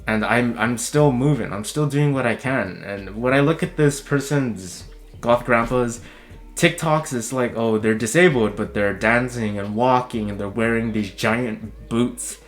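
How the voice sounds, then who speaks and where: A man talking in a casual commentary vlog, heated and swearing, his voice jumping high when he is worked up. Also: unhurried, faint music behind. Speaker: video commentator.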